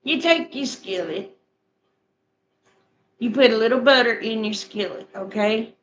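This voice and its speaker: A middle-aged woman with a fairly high voice talks her viewers through a recipe step by step. She speaks in a homespun, chatty way and often repeats herself. A faint noise sits behind her voice. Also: measured pace, poor audio. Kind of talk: casual chat, recipe instructions.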